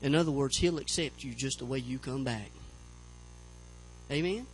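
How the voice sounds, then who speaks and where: A man's voice: mid-range voice, moderate pace, a little hiss or hum, poor audio. A man preaching a sermon as pastor, fervent, repeating phrases and calling out to the church for amens.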